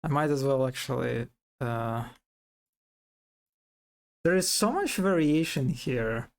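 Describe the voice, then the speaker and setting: A man's voice: medium pitch, animated, slow. A man streaming live in casual commentary, amused, often restarting his sentences and imitating animal sounds.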